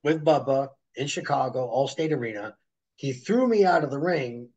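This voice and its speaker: A middle-aged man, a former wrestler, telling animated stories as an interview guest and acting out other people's voices. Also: mid-range voice, moderate pace, slightly rough, highs cut off. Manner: animated storyteller who acts out voices. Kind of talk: storytelling interview.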